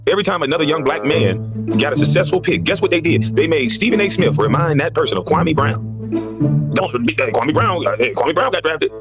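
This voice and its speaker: A former basketball player in a heated podcast monologue, ranting with emphatic repetition. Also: male voice, a little high, animated, normal speed, loud music behind the voice.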